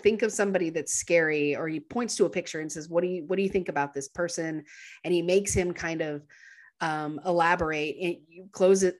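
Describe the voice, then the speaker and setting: A woman co-hosting a podcast, chatting enthusiastically about a film and laughing easily. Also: fairly low pitch. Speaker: podcast co-host. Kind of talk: casual film discussion.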